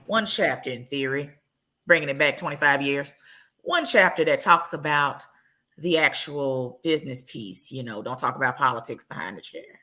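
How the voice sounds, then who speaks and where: A woman's voice: rumbling low, moderate pace, bright, forceful tone. A woman hosting a live podcast, chatting casually, laughing often and loose in her speech. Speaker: podcast host.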